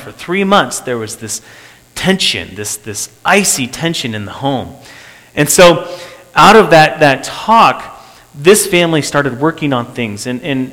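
A man's voice: mid-range voice, pushed and bright. A man preaching and telling of a church meeting, earnest, repeating phrases for emphasis. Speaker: pastor. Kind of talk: sermon testimony. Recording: long hall reverb.

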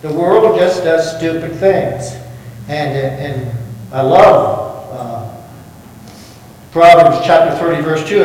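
A man with a fairly high, darkish voice preaches as pastor in a church sanctuary, folksy in manner and quizzing the congregation with questions. The recording is echoey, picked up from far off in the church hall.

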